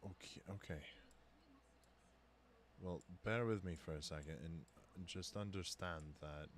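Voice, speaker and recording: A man's voice: sits low, a little hiss or hum. A man voicing a skeptical, level-headed male vampire in a tabletop game, talking in a placating way.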